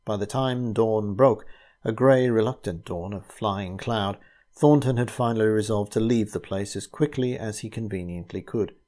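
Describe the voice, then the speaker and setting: A man narrating a classic ghost story aloud in a measured, steady way. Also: on the low side.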